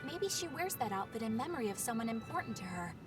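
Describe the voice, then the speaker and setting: An earnest young exorcist girl who rambles when flustered, her voice pitched high. She is heard from a distance through game audio, with music playing behind her. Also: sing-song, fast. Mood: musing. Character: earnest young woman exorcist, shy and eager. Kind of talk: game voice acting.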